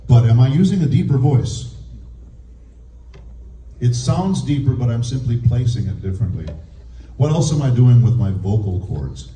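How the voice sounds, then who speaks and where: A man who is a voice actor and speech teacher, giving a lively, demonstrative convention panel talk and laughing often. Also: medium pitch, moderate pace, long pauses, slight background noise. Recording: echoey room heard from a distance.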